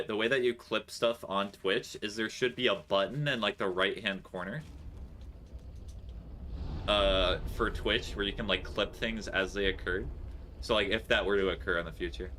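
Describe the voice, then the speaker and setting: A man's voice: fairly low pitch, pushed and bright. A man streaming a game, chatting casually with viewers in a joking, sarcastic way. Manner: joking, sarcastic, laughs often. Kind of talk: casual live-stream chat while gaming.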